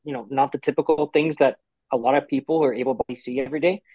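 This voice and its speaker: A man giving an interview about a TV series he works on, talking with lively restarts and acted-out quotes. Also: medium pitch, no echo, phone-quality sound. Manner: animated, quick restarts and quoted asides.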